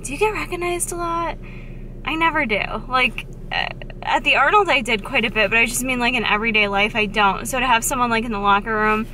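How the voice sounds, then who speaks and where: Bright, chatty young woman vlogging. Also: on the high side, a little hiss or hum. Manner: chatty, upbeat, says "like" often. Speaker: fitness vlogger. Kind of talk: casual vlog chat. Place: out and about: car, gym, home.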